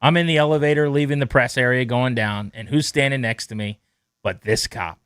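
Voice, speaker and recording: A man hosting a sports radio show, telling a story in a lively, animated way and acting out the quotes in it. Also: medium pitch, a little fast, clear, resonant tone, no echo, clean studio sound. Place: radio studio. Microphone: studio mic.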